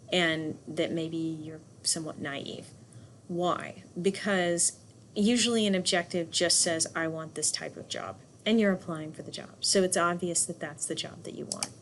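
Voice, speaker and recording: Woman instructor, direct and emphatic in class, medium pitch, light room noise. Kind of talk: classroom lecture.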